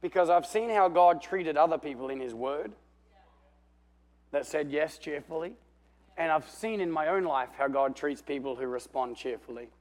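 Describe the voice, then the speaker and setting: A man preaching a lively sermon in a fairly high voice. He tells the story with animation, swings between booming and hushed, and calls on the room for amens. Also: moderate pace. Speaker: pastor.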